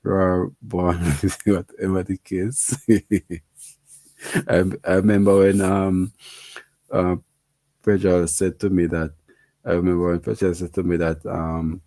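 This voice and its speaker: A man's voice: low voice, little pitch movement, takes it slowly, dark tone, no room sound. A man with a Jamaican accent hosting a casual livestream, chatting with viewers, laughing and repeating himself. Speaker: livestream host. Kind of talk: casual livestream chat reading comments.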